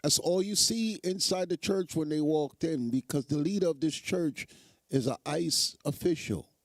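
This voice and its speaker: High-voiced sarcastic male commentator. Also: moderate pace, no room sound. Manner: sarcastic, emphatic, repeats phrases. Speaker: show host commenting on news clips. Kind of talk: mocking live commentary.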